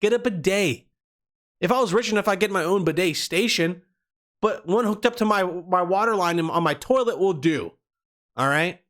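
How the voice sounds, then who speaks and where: A man hosts a casual comedy podcast, rambling in a loose, profane monologue. He often stumbles and restarts his words, and his voice sits slightly high. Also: normal speed, a bit bright. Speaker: podcast host.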